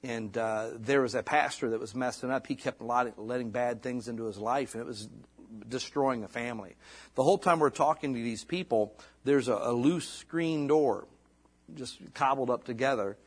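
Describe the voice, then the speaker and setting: Middle-aged guy preaching, kinda husky voice, chatty and loose, gets slow and careful reading verses. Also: mid-range voice. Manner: casual, conversational preaching with frequent "like" and "you know"; reads scripture in slow, deliberate King James cadence. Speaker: pastor. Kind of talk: sermon.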